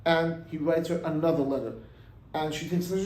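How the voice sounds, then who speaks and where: A rabbi telling a story in a sermon, acting out its voices and mixing in Hebrew and Yiddish words. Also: male voice, a little high, fairly quick, reverberant, poor audio. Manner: animated, acts out the voices in the story.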